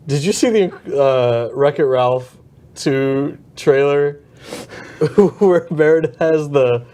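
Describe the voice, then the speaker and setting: A man co-hosting a casual gaming chat show, joking and chiming in with quick, playful remarks. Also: fairly high pitch. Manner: lively, joking, quick to laugh along. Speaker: podcast co-host.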